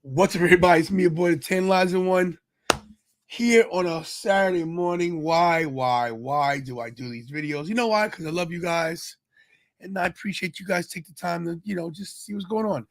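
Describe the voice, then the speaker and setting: A man's voice: high voice, normal speed. Tired, rambling man hosting a stream. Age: adult with kids. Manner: rambling, chatty, greets chat viewers. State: tired, yawning. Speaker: podcast host. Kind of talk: casual live-stream chat.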